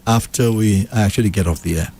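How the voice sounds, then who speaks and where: Brief: man co-hosting radio, low husky mellow voice, animated storyteller. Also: a little fast. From Saint Lucia. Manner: animated storytelling with pitch jumps. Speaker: radio co-host. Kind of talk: casual radio talk. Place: radio studio.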